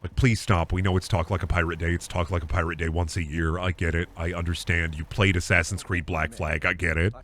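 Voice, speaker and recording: A man streaming a video game and riffing in a mock stand-up style, swinging from muttered asides to shouted rants. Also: low voice, flat delivery, brisk, hardly any pauses. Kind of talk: comedic gaming stream banter.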